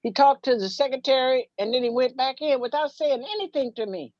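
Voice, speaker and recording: A woman's voice: high-pitched, lively intonation, a little fast, a little mellow, no room sound. A woman, telling a personal story and acting out childhood dialogue. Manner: acts out childhood dialogue, sings a playground rhyme. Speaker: minister and storyteller guest. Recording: dull, dry, muffled sound.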